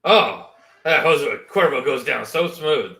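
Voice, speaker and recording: A man's voice: on the high side, expressive, takes it slowly, creaky, pushed and bright, breathy edge. A man co-hosting a casual talk show, blunt and profane. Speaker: co-host. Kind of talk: casual chat.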